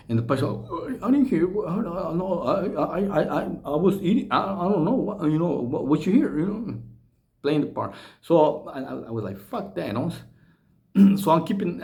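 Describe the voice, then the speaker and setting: A man's voice: medium pitch, creaky, mellow. A middle-aged man telling a rambling, casual story full of slang, swearing and restarts. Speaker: storyteller recounting prison life.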